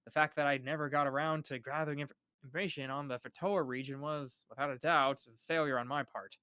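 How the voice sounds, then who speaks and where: A man's voice: on the high side, pushed and bright, no room sound, studio quality. A young man reading a novel aloud on a live stream, often stumbling over names and restarting words.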